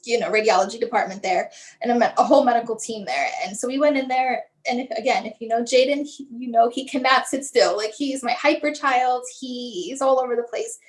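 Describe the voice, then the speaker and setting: Woman, high-pitched, guest telling a personal family story with emotion; acts out the dialogue. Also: fairly quick, low-quality recording. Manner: acts out remembered dialogue, frequent "like" and "um". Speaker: guest, mother telling her son's story. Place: lives in the Tampa area.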